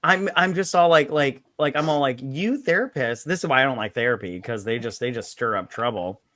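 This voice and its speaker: Bright-voiced man recapping a movie. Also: medium pitch, a little fast, no room sound, studio quality. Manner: rambling, retells scenes with quoted voices and swearing. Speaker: movie review co-host. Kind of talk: casual drunk movie review chat.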